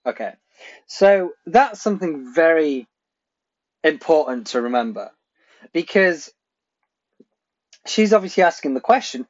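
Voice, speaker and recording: A man's voice: a little high, expressive, unhurried, long pauses. A man hosting a marketing show, telling a story casually with lots of fillers and frequent laughter. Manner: chatty, laughs often, many fillers. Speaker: marketing podcast host. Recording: slightly dull lo-fi audio.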